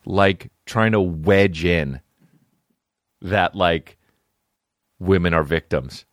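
A man's voice: deep voice, extremely slow, no echo, clean studio sound. A man hosting a podcast, talking in a profane, sarcastic, rambling comedic monologue. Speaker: podcast host.

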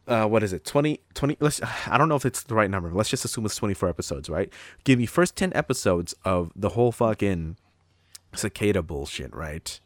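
A man's voice: fairly low pitch, expressive, fairly quick, no echo, clean studio sound. A man in casual chat, rambling and swearing a lot while retelling a show's plot. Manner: profane, rambling, acts out characters' lines.

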